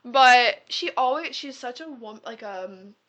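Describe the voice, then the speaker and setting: Young woman, podcast co-host, casual chat, energetic, playful, slightly high voice. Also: unhurried. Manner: energetic, playful, slips into silly accents.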